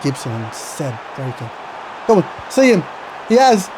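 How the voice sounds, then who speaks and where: A young man giving excited live commentary over a football video game, swinging between shouts and low muttering. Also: measured pace, a little hiss or hum. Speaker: gaming YouTuber.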